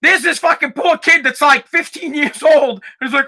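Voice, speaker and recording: A man hosting a podcast, delivering a heated, profane rant that sometimes rises to shouting. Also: very high voice, moderate pace, creaky, few pauses. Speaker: podcast host. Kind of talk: ranting podcast monologue.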